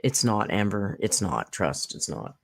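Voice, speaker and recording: A woman's voice: extremely low pitch, sing-song, measured pace, gravelly. A woman hosting a casual live reaction stream, snarky and profane, rambling with fillers, close to her mic. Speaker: commentary channel host. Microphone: close desk mic.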